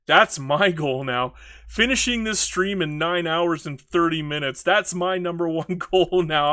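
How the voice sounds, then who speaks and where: A man's voice: a little high, unhurried, sharp tone. A man casually commenting on a strategy game while streaming, rambling, mocking himself and reading chat messages aloud.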